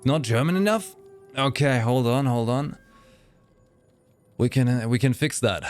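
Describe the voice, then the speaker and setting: A man chatting casually with viewers on a game live stream, lively and playful, slipping into voices for fun. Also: mid-range voice, measured pace, pauses often, faint music behind.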